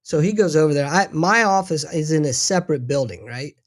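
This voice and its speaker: Profane storytelling man, animated. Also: fairly high pitch, a little fast. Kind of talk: casual chat, storytelling.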